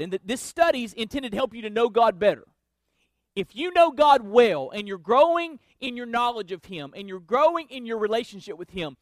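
A man with a notably high voice preaches a sermon, building his points through emphatic, repeated refrains. The sound is dry and close, with no room around it. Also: no room sound. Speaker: pastor.

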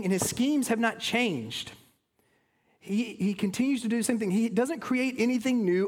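High-voiced earnest male pastor preaching. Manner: earnest, falls to a hush at phrase ends. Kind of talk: sermon.

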